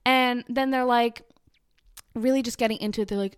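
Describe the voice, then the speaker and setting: A woman's voice: on the high side, fairly even intonation, moderate pace, long pauses, smooth, no echo. Woman, 20s, podcast host, sarcastic rambling rant, dry close mic. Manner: sarcastic, rambling, filler-heavy. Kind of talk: casual ranting monologue.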